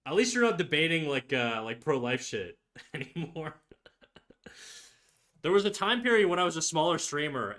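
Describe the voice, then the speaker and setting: Man, casual streamer banter, bright ringing tone, teasing and rambly. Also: fairly high pitch. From Canada. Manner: teasing, rambling, heavy use of "like". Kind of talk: casual livestream chat. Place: home streaming setup.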